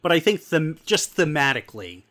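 A man's voice: a little high, very animated, brisk, fairly bright tone. A man co-hosting a podcast, chatting about a TV show and often repeating words as he gets his sentences going. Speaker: podcast co-host. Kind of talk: casual discussion of a TV episode.

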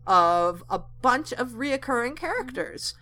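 A woman's voice: fairly high pitch, lively intonation, a little slow, sharp tone. A woman co-hosting a podcast, chatting casually with fillers and asides. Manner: talkative, lots of fillers and asides. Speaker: podcast co-host. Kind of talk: casual chat.

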